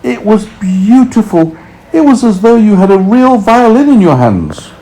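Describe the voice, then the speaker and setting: A man's voice: high voice, sing-song, measured pace, dark tone, voice pushed up, full character voice, low-quality recording. A man voicing a small boy in a storybook, eager and full of wide-eyed questions. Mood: delighted.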